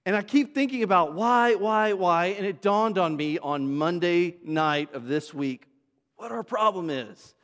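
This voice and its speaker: With a voice that sits high and sounds a bit bright, a pastor speaks a little slowly as he preaches in a church sanctuary. He addresses his congregation in a chatty, storytelling style with asides to those present, and the hall gives the recording a long reverb.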